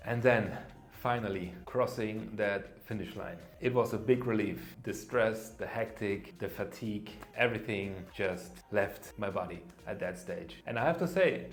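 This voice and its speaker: A man narrating his race day in a plain, matter-of-fact vlog voice-over, with some fillers. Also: fairly low pitch. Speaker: vlogger recounting his race.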